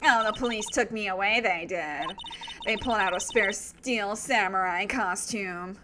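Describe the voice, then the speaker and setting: A woman's voice: medium pitch, measured pace, background noise, natural voice. A woman voicing a cantankerous elderly female security guard who scolds and holds grudges, reading game dialogue aloud. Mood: huffy. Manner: scolding, prickly.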